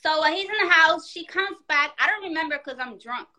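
A woman in casual chat, telling a story in an animated, profane way and acting out the quotes. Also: very high-pitched, brisk.

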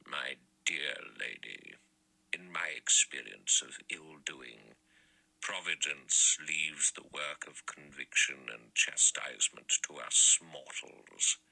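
A man lowers his voice into an elderly judge who murmurs very slowly, deep and husky, with a dry ironic tone. A storybook reading. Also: sharp tone, full character voice, poor audio. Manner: slow, low murmur, slightly ironic.

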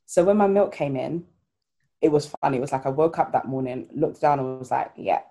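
Low mellow-voiced woman, chatty, tells stories and does the voices. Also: fairly quick. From Ghana. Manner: chatty, storytelling, acts out quoted voices. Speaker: new mother. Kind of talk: casual chat.

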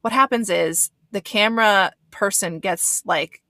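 A woman gives a casual recap commentary on a reality show, blunt and swearing, full of fillers. Her mid-range voice is unhurried with a sharp tone, and there's no echo.

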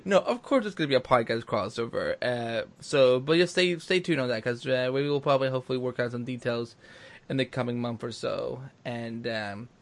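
A man's voice: mid-range voice, fairly quick. A man hosting a casual podcast chat, talking in loose run-on sentences full of fillers and restarts. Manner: rambling, many restarts and fillers. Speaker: podcast host.

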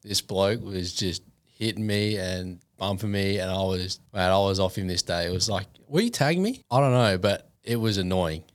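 A young man as a podcast guest, answering in a laid-back, measured way. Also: low-pitched, dry recording. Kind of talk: casual chat.

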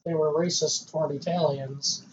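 A man's voice: on the high side, fairly even intonation, normal speed, highs cut off, slight background noise. A man co-hosting a casual podcast, making dry, laid-back remarks and swearing now and then. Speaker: podcast co-host.

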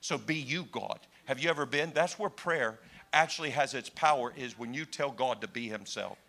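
A man preaching a sermon to his congregation, swinging between hushed, slow lines and impassioned cries. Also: mid-range voice, vocal fry.

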